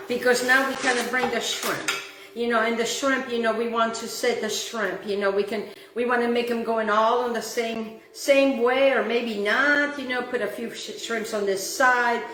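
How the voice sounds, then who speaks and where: Woman doing a cooking show at home, gushy, sings bits, kinda high voice, roomy echo. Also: normal speed, a bit bright, far from the mic. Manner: effusive, gushing, sometimes sings phrases. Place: home kitchen. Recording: echoey room with faint background noise.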